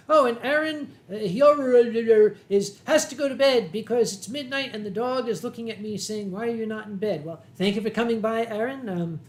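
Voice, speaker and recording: A man with a Philadelphia accent hosting a casual livestream from home, reading viewer comments in a dry, wry way and often clearing his throat. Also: sits high, moderate pace. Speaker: livestream host. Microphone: desk microphone.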